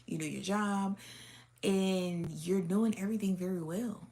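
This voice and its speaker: A woman's voice: mid-range voice, measured pace, mellow. A woman giving a casual, unscripted spiritual reading straight to her viewers. She is blunt and swears a lot, laughing often between rambling, filler-heavy sentences.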